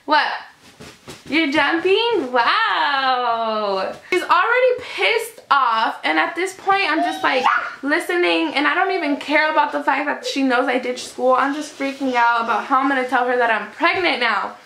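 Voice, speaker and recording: High bright teenage girl, echoey room. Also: a little fast, gravelly. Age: teens. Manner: chatty, lots of "like", emotional retelling. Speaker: vlogger. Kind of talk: storytime vlog. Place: home room in natural evening light.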